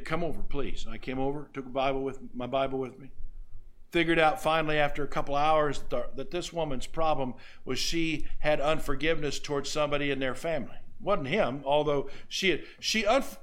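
Male pastor, high for a man, folksy sermon storyteller. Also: a bit bright. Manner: folksy storytelling, asks the audience questions.

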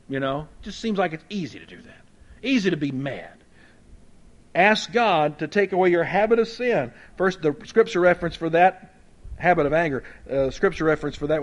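This man preaches as a Baptist pastor, chatty and folksy, with jokes tossed in and swings from loud, emphatic moments to hushed ones. His voice is a little high.

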